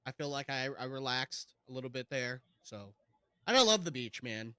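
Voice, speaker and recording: A man's voice: mid-range voice, big pitch swings, normal speed, pushed and bright, clean tone, no room sound. A man in his thirties co-hosting a podcast, chatting crudely, swearing and laughing often. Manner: swears a lot, laughs often, says "dude". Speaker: podcast co-host. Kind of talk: crude casual chat.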